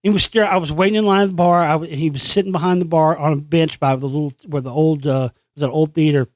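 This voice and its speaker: Male host, higher-pitched, dry close sound, foul-mouthed sarcastic rant. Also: quick pace, dry recording. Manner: profane, sarcastic, animated storytelling. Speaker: channel host. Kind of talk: ranting monologue.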